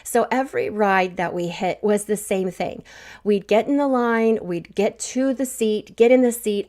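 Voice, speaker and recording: A woman's voice: mid-range voice, measured pace. Grandmotherly woman telling a faith talk. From Southwest Missouri. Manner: warm storytelling with laughs. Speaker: podcast host. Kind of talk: faith-based encouragement talk.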